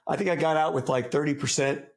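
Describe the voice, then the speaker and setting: A man's voice: on the high side, fairly even intonation, quick pace. A man from the United States, a former soldier, talking as a guest in a casual interview, laid-back and profane, full of buddy slang and rambling restarts. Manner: rambling, many restarts and asides.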